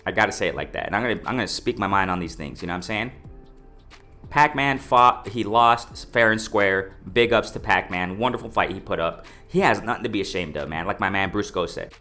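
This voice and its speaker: A man giving opinionated, casual boxing commentary to his viewers, emphatic and repetitive, often calling them ladies and gentlemen. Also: fairly quick, soft background music. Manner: lively pitch swings, mimics others in raised voice.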